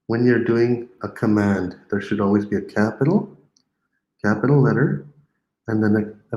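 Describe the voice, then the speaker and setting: A man with a lowish voice leads a live-streamed language lesson in an unhurried way. He repeats each word slowly for learners and slips in playful, teasing asides. The room around him sounds echoey. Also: a little mellow, lo-fi sound. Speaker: language teacher.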